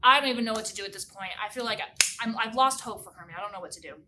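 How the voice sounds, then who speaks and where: A woman telling a silly children's story as a music teacher, animated, with sung sound effects and big exclamations. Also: fairly high pitch, racing, far from the mic, background noise.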